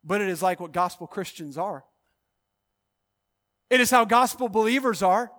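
His voice sits high and is expressive as he preaches a sermon as pastor. He shifts from loud, drawn-out proclamations down to hushed lines and back, with rapid bursts of exhortation.

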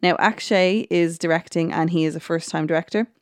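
A woman with a lowish voice hosts a podcast recap in a relaxed, chatty way. She hesitates with ums, restarts her sentences and slips into quoting what people said. The recording is close and dry, with no room sound. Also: fairly quick, clean tone, dry recording. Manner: chatty storytelling with frequent ums, restarts and quoted lines. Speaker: podcast host. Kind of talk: casual recap of a TV episode.

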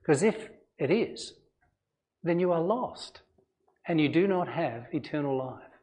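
A man's voice: fairly high pitch, darkish tone. A man, a pastor giving an earnest, conversational sermon full of rhetorical questions. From Australia.

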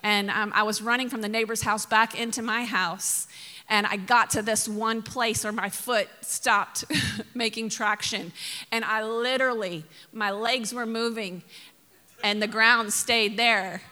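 A woman's voice: on the high side, steady tone, measured pace, bright, forceful tone, long reverb tail. A woman pastor from Mississippi preaching a sermon, telling funny stories with laughs and sudden emphatic bursts.

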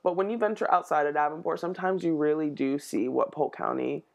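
A woman's voice: sits low, a little fast, vocal fry, dull audio. Brash, swearing young woman from the US, podcast co-host, casual banter. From United States. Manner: loud, swears a lot, playful. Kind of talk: casual chat.

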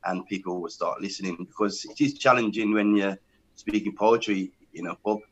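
A man who is a poet, telling his story calmly and steadily as an interview guest. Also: fairly low pitch, normal speed, breathy edge, dull audio.

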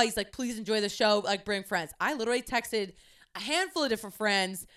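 A young woman hosting her own podcast, telling a story in a casual, chatty way with lots of swearing and animated quoting. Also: mid-range voice, a little fast. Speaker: podcast host.

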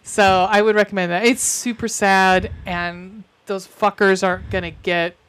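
Chatty woman co-host, mid-pitched, rambles with fillers and self-corrections. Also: steady tone, unhurried, fairly bright tone, smooth. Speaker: podcast co-host. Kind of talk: casual chat.

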